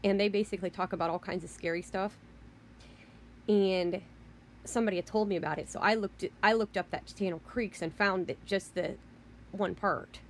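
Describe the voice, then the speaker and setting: Woman, vlogger, indignant storytelling rant; mid-pitched, rambling, swears when exasperated. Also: steady tone, normal speed, slight background noise. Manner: indignant, rambling, repeats "you know" and "I mean".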